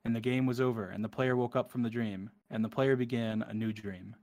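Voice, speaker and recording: Fast-talking man rushing a reading. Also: medium pitch, fairly even intonation, a little mellow. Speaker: streamer. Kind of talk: reading a poem aloud on a livestream, with asides.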